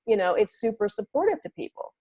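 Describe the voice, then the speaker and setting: Fast-talking earnest woman guest. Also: medium pitch, big pitch swings, warm tone, breathy edge, poor audio. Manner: earnest, encouraging, fillers of "you know". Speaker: guest coach. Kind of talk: casual conversation.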